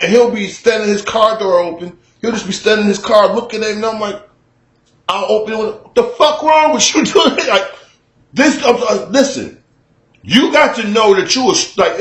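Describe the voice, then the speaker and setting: A man telling a story to his camera in a casual, animated, profane way, acting out shouts at a neighbor, recorded in a room at home. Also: high-pitched, moderate pace, echoey room. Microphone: camera mic.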